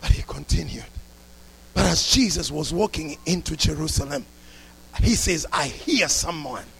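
A man preaching a sermon, swinging from hushed storytelling to impassioned shouting. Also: on the high side, moderate pace, creaky, slightly rough.

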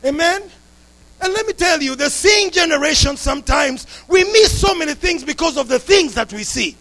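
High, gravelly, impassioned preacher man. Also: animated, moderate pace. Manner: impassioned, swings from hushed to shouting. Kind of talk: sermon.

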